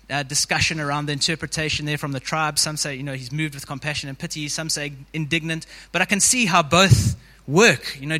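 A man delivers a relaxed, conversational sermon to his congregation, his voice a little high and strikingly bright. He keeps talking in an easy, informal way and leans on "you know" again and again. The sound carries the long reverb of a large hall. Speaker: preacher.

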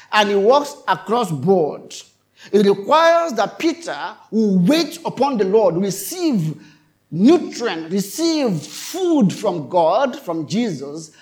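A male pastor preaching a sermon, emphatic and repetitive, often turning to question his congregation. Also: high voice.

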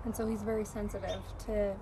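A woman talks through family stories in a relaxed, chatty way, breaking into laughter often. Her voice sits at an ordinary pitch for a woman. A clear layer of background noise runs under the recording. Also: fairly quick. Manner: laughs often, animated storytelling. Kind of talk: casual chat.

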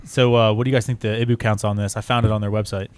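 Fast-paced male co-host, brisk and on-task. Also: lowish voice, flat delivery, darkish tone, clean tone. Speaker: podcast co-host. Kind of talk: casual chat over beers.

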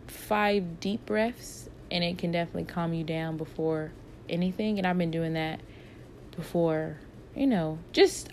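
A woman with a lowish voice that has a gravelly, fry-edged texture gives casual advice in answer to viewer questions. She talks in a reflective, encouraging way and keeps returning to her key points. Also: a little mellow, slight background noise.

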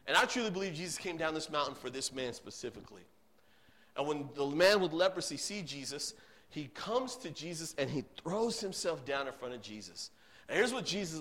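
Casting: man in his thirties, youth pastor at the pulpit, earnest storyteller, loud then hushed. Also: a little high. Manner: earnest storytelling, swinging between loud emphasis and hushed tones. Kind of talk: sermon.

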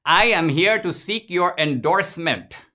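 A man voicing a timid, overly formal immigrant man from India with a high, eager voice. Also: expressive, unhurried, sharp tone, full character voice. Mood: earnest.

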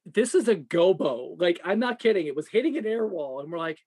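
A podcast co-host telling a work story in casual, profane, animated talk. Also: medium pitch, fairly quick, hardly any pauses, slightly rough.

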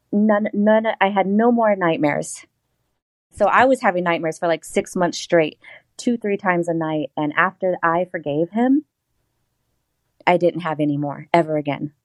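A woman's voice: mid-range voice, no echo. A woman guest telling a personal story in casual interview talk, acting out the voices she quotes.

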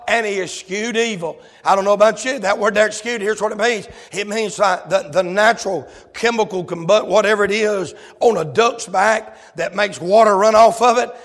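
A man preaching a fervent sermon, filling it with "uh" and "amen" and breaking into shouts. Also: sits high. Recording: long hall reverb.

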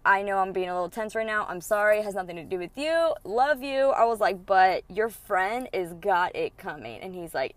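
A woman's voice: medium pitch, no echo. A young woman angrily retelling a personal feud in a casual storytime rant, swearing freely and acting out the other people's lines. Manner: heated, profane, animated retelling with quoted dialogue.

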